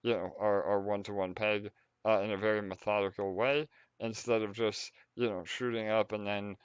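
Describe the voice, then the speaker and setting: A man hosting a casual project update on a call, halting and full of fillers. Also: on the low side, flat delivery, smooth, no echo, highs cut off.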